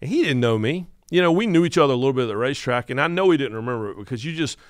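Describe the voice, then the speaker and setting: Animated Southern storyteller, a man in his 50s. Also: medium pitch, racing, no room sound, studio quality. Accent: North Carolina Southern. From North Carolina. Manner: animated storyteller who acts out quotes. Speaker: guest podcast host. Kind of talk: casual podcast storytelling.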